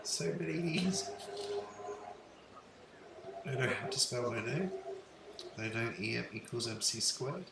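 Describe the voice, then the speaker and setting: A man's voice: mid-range voice, lively intonation, a little slow, long pauses, echoey room, recorded from a distance, very noisy. A man live-streaming outdoors, talking to viewers in awed, emotional exclamations. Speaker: live streamer filming the sky.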